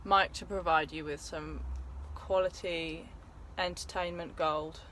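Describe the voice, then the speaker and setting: A woman's voice: sits low, fairly even intonation, a little slow, a bit bright, a little hiss or hum. A woman vlogging her travels, teasing and wry in casual chat.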